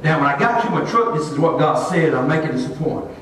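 A male pastor preaching a sermon, telling a folksy story in an animated way. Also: a little high, fast, a little hiss or hum. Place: church sanctuary. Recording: echoey church hall, distant mic.

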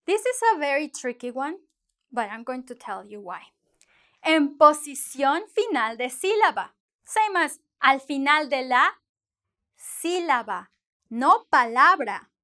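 A Spanish teacher with a high, bright voice gives an online lesson, speaking a little slowly. She's playful and lively, moving easily in and out of English as she explains.

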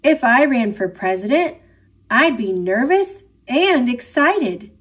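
An American woman reads a children's picture book in an expressive, sing-song storytelling manner. Her voice sits high and moves around a lot, and she takes her time with each phrase. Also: takes it slowly, husky. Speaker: storybook reader. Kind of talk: picture book read-aloud.

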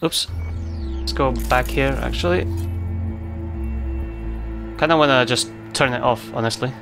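Let's-play gamer, man, mid-pitched, loose filler-heavy commentary over soft game music. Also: measured pace, vocal fry. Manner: thinks aloud with frequent fillers, mildly exasperated. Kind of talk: casual gameplay commentary.

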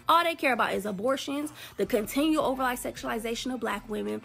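A woman's voice: on the high side, quick pace, creaky, few pauses, bright, forceful tone. A woman giving a blunt, exasperated political commentary rant in casual slang.

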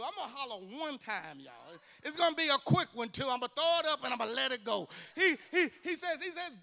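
Male pastor, gravelly and bright, fervent sermon delivery in church. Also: extremely high pitch, very animated, fairly quick, few pauses. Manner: fervent preaching, addressing the congregation directly. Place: church service.

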